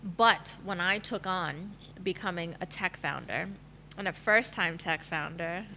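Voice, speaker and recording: A woman in her thirties shares her personal story as a podcast guest, talking candidly with plenty of fillers. Her voice is bright and forceful. A faint hum sits under the recording. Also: lowish voice, a little slow, creaky. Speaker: guest, matchmaker.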